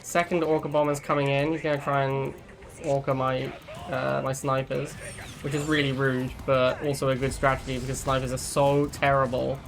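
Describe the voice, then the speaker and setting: A man's voice: medium pitch, little pitch movement, moderate pace, noisy background. A young man casually commentating a strategy game match, chatty and laughing at his own jokes. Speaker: gaming channel host. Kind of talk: live gameplay commentary.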